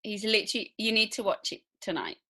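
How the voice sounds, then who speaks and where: A woman's voice: medium pitch, fast, pushed and bright. A woman from near Birmingham with a Birmingham accent, hosting a casual, chatty interview and laughing easily. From English Midlands, near Birmingham. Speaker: host.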